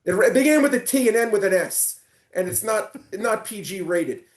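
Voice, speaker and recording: A man on a casual sports podcast, telling animated stories with lots of stumbling restarts. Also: high-pitched, a little fast, echoey room. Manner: animated storyteller, stumbling restarts and excited retelling. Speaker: guest.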